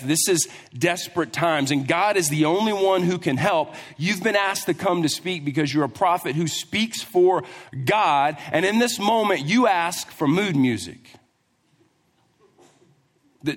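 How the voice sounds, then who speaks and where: Animated preacher in a reverberant church. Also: male voice, fairly high pitch. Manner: animated storytelling, acting out the characters. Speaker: pastor. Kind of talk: sermon. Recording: long hall reverb.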